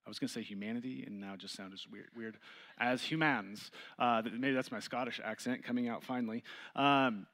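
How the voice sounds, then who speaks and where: Guy leading a bible study, reads verses then explains, gets louder on the big points. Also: fairly even intonation, a little fast. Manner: reads scripture aloud, then explains it and asks the group questions; rises in pitch and volume when stressing points.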